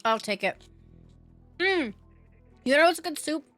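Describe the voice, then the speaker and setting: A woman's voice: sits high, animated, unhurried, fairly bright tone, no room sound, soft background music. A young woman streaming a game, chatting casually, joking and laughing, talking while eating. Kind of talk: casual gaming stream chat.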